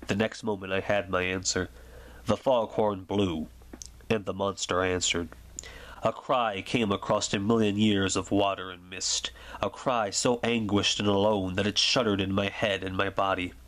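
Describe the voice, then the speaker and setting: A man with a low voice reads a story aloud in a soft, soothing ASMR style. His delivery is slow and gentle, meant to lull a listener to sleep. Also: flat delivery. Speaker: reader.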